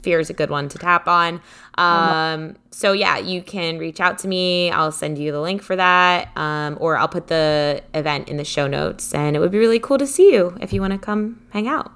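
A woman co-hosting a podcast in casual chat, bubbly and quick to laugh, with lots of "like" in her talk. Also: lowish voice, a bit bright, clean tone. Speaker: podcast co-host.

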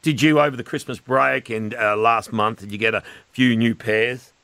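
A man's voice: mid-range voice, fairly even intonation, moderate pace, gravelly, pushed and bright, no room sound. A man with an Australian accent hosting breakfast radio, joking and laughing often with his guests. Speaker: radio host.

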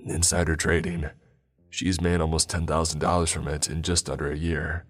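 A man voicing a calm, not-human male being who claims to be God, speaking in a cool, almost bored way. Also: a bass voice, normal speed, soft background music.

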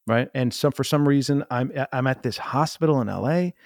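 A man telling a long, earnest story, rambling and halting with many restarts. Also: mid-range voice, no echo, clean studio sound. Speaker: guest. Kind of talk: improv comedy storytelling.

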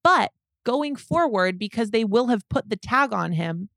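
A woman's voice: fairly high pitch, animated, measured pace, vocal fry, a bit bright, no room sound, studio quality. A woman co-hosting a sports podcast, explaining contract details step by step in casual talk. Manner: analytical, explains points step by step. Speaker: podcast co-host.

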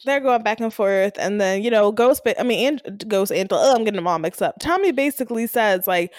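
A woman hosting a casual podcast recap, retelling scenes and acting out the characters' lines with lively energy. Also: mid-range voice, a little fast, no echo, clean studio sound. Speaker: podcast host.

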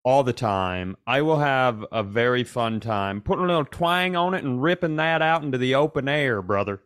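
A man's voice: mid-range voice, lively intonation, moderate pace, fairly bright tone, clean tone. A man co-hosting a casual comedy podcast, joking around and sometimes breaking into an exaggerated twangy sing-along. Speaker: podcast co-host.

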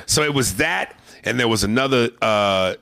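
Telling animated stories on his own podcast, a comedian curses liberally in a relaxed, storytelling style. He speaks at a normal speed in a low, gravelly voice with a bright, forward quality, recorded dry and close-miked without echo.

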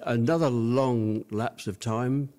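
An older man recalls his past for an interviewer in an ordinary mid-range voice. He wanders through his story, pausing on fillers and restarting sentences as the memories surface. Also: medium pitch, steady tone, dark tone. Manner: rambling reminiscing with many fillers. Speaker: interview guest.

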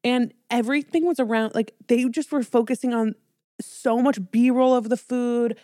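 A woman's voice: a little high, steady tone, dark tone, dry recording, studio quality. A woman co-hosting a podcast, telling stories in a chatty, casual way. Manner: chatty, storytelling, quick asides. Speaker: podcast co-host. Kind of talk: casual chat.

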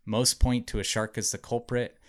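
His voice is mid-range with little pitch movement, and he keeps a moderate pace. As a podcast host casually narrating a true story to friends, he chats away, hedging constantly with "like" and "um."

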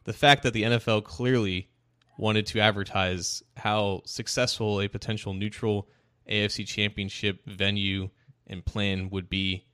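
Man, co-host, low voice, animated, stammering sports talk. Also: a little slow, clean tone. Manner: animated, stammering restarts, laughs often.

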